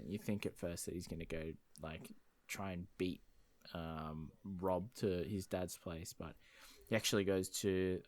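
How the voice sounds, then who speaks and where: Low-voiced man rambling through a plot. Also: darkish tone. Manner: rambling, hedging with many fillers. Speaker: podcast co-host. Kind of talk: casual movie recap chat.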